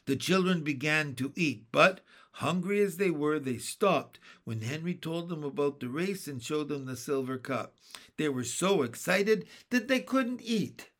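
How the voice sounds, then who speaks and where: A man reading a children's book aloud as narrator, slow and careful. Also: on the high side, a bit bright.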